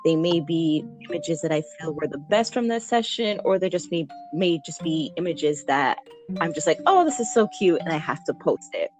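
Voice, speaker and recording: A young adult woman, a newborn photographer, chatting as a guest in a casual podcast interview, animated and laughing often, with frequent ums. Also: low voice, normal speed, music in the background.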